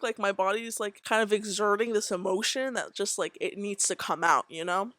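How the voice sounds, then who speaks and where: A woman's voice: mid-range voice, brisk, hardly any pauses, fairly bright tone, dry recording. A young woman in her twenties tells a personal story straight to camera. Her delivery is loose and rambling, packed with "like" and broken by laughs. The sound is dry and close to the mic. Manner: rambling, heavy use of filler "like", frequent laughs. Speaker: vlogger. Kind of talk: casual storytelling. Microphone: decent USB mic on tripod setup.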